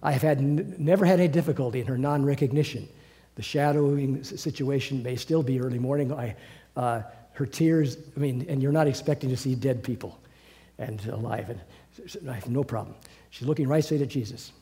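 A man preaching a sermon, earnest and halting, often breaking off and restarting his sentences. His voice is mellow and dark, and it rings with the long reverb of a large hall. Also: mid-range voice. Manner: earnest, halting, many restarts, drops to soft asides.

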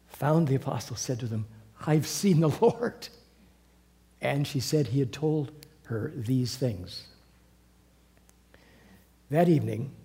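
Mellow-voiced man teaching a Bible class. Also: medium pitch. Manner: lively storytelling with chuckles and asides. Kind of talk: teaching a Bible class, reading and retelling scripture.

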